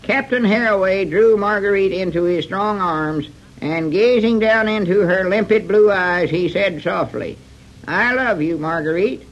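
A doddering old country grandpa in a 1940s radio comedy, his voice pitched high and thin. He drawls along, lost in his own reading. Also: a little slow, muffled recording. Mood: dreamy. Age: older. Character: old rural grandpa, absent-minded bookworm.

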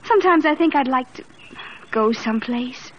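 A sheltered sixteen-year-old convent girl in an old radio play, her voice high and soft, gentle and wistful. The broadcast sounds muffled, with a faint hiss behind it. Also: animated, normal speed. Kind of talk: 1940s radio acting.

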